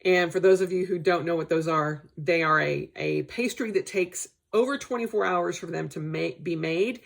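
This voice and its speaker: A woman's voice: on the low side, normal speed, vocal fry. A middle-aged woman in a casual personal vlog, chatting and rambling with asides while she recovers from a stomach bug. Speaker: vlogger.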